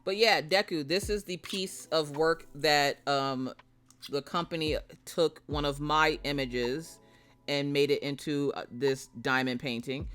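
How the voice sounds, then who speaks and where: A woman streamer chatting live with her viewers, brash and profane, spinning jokey stories and bursting into loud mock rants. Her voice is bright and forceful, with a little music playing faintly behind her. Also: low voice, steady tone, measured pace. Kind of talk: casual live-stream chat.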